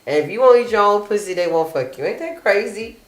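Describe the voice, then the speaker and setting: A woman's voice: medium pitch, expressive, fast talker. Blunt, profane woman host, echoey room. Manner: blunt, profane, laughing often. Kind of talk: casual chat reading live comments.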